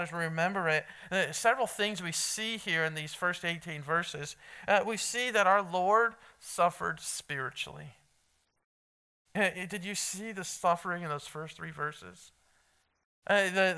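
Bright-voiced male pastor preaching earnestly. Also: high-pitched, a little slow, clean tone. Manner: earnest preaching with emphatic repetition; talks directly to listeners in the room. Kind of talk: sermon.

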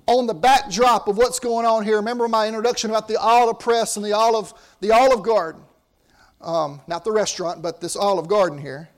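A man preaching a sermon, earnest, rising to emphatic lines and sinking to hushed ones. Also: high voice.

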